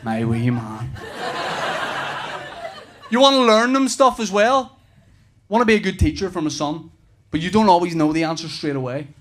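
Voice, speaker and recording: A man in his thirties doing a stand-up routine, telling stories with animated delivery, laughing and shouting at punchlines. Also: sits high, moderate pace, long pauses. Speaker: stand-up comedian.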